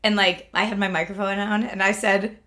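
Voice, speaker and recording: A woman's voice: medium pitch, flat delivery, a little fast, pushed and bright. A woman in her thirties from Pennsylvania hosting a livestream, chatting casually, laughing often and filling with "like". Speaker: livestream host.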